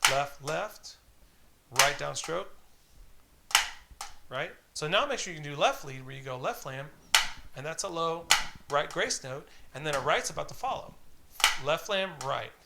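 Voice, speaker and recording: Man teaching drum rudiments, gravelly voice. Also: a little high, animated, measured pace, long pauses, very noisy. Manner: patient, encouraging, counts aloud and calls out stickings. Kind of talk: instructional tutorial, counting off exercises.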